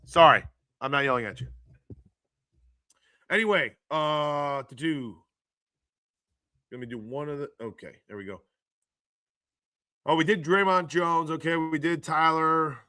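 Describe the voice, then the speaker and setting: Hoarse, excitable man on a live stream. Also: on the high side, a little slow, long pauses, dry recording, clean studio sound. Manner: excitable, laughs often, reads chat aloud. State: hoarse from screaming. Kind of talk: casual live-stream chat about football news.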